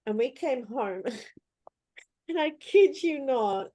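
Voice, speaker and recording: A woman's voice: high-pitched, animated, extremely slow, warm tone, no room sound. A woman telling stories in casual chat, acting out her own reactions with animation. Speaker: host.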